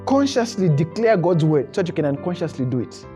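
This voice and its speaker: A male pastor delivering a sermon to a responsive congregation, his pitch rising and falling freely as he drives each point home. He chuckles between phrases and repeats words as he builds momentum, with soft music playing faintly behind him. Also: brisk. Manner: animated preaching with frequent chuckles and repeated words. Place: church service before a congregation.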